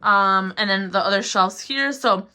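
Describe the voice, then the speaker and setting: A woman's voice: medium pitch, a little slow, sharp tone. A young woman in her twenties giving a casual, rambling room tour of her small bedroom, giggling often and filling gaps with ums and likes. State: a bit out of breath. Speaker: vlogger.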